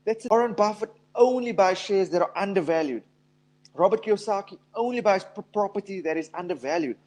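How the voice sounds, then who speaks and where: A man's voice: sits high, fairly quick, darkish tone. A man giving a motivational talk on investing, emphatic and telling stories. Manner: emphatic, storytelling with acted quotes. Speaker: investment speaker.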